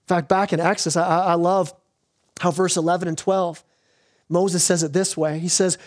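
Male pastor, higher-pitched voice, earnest sermon delivery with frequent restarts. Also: flat delivery. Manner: earnest preaching with repeated restarts, slows for emphasis.

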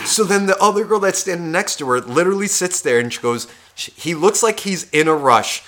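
A man co-hosting a podcast, telling a profane story in a casual, animated way and acting out the people in it. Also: high voice, brisk. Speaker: podcast co-host.

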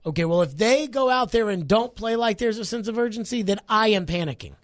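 A man's voice: high voice, lively intonation, fairly quick, no room sound. Sports radio host, male, argumentative and fired up; dry booth sound. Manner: worked up, argumentative. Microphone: studio mic.

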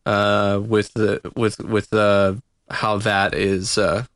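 A man co-hosting a podcast, talking casually and haltingly with lots of fillers. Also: lowish voice, flat delivery, a bit bright, no room sound, clean studio sound. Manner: hesitant, many fillers. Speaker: podcast co-host. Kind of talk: casual chat.

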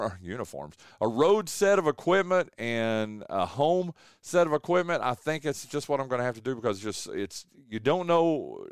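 Man, sports radio host, folksy rambling talk, excitable, smooth resonant voice, dry close mic. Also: medium pitch, no room sound. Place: home studio.

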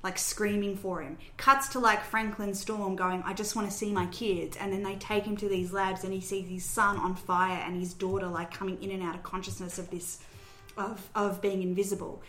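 Bright-voiced woman host, casual storytelling recap, roomy echo. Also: mid-range voice, level tone, moderate pace, soft background music. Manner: chatty, storytelling recap with fillers. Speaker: podcast host recapping a film. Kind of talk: casual chat.

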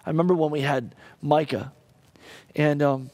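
A male pastor preaching a sermon and telling a personal story, halting and emotional with many restarts. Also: a little high, steady tone, a little mellow, dry recording.

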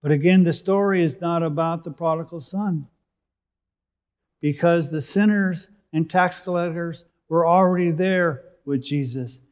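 A man preaching a sermon, reading scripture and explaining it, rising for emphasis and then dropping to a soft close. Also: a little high, a little slow, clean tone.

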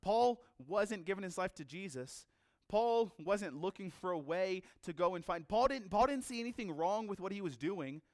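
A male pastor preaching a sermon, telling a story with lively energy and acting out the characters he quotes. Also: sits high, normal speed, no echo, clean studio sound.

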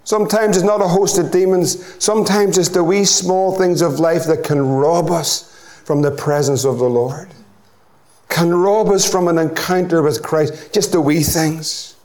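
A man's voice: fairly high pitch, steady tone, unhurried, darkish tone. A middle-aged man with a Northern Irish accent preaching a sermon as pastor, building to impassioned, repeated appeals.

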